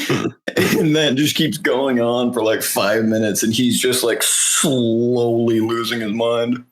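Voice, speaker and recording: A man's voice: mid-range voice, fairly even intonation, unhurried. A young man co-hosting a podcast, telling stories in a rambling way with many fillers. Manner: rambling, filler-heavy storytelling. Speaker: podcast co-host. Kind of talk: casual chat.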